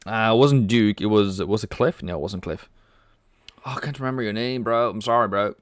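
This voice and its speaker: A man's voice: lowish voice, a little fast, no room sound, clean studio sound. A man hosting a casual trading livestream, chatty, reading viewer comments aloud and cracking jokes. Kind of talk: casual live-stream chat.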